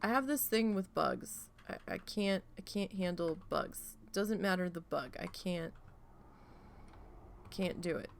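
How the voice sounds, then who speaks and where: A woman streamer chatting casually while gaming, rambling and swearing freely as she tells an animated story. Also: fairly low pitch, measured pace, creaky, slight background noise.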